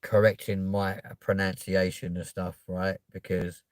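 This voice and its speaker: Casual streamer, man, South West London accent, cheeky and sweary, deep-ish voice. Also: flat delivery, a little slow, no echo. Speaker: live streamer. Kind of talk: casual chat to viewers.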